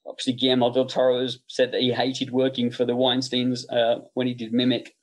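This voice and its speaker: A man's voice: medium pitch, monotone, brisk. A middle-aged man who works as a special make-up effects artist, a podcast guest telling anecdotes with self-interruptions and chuckling asides.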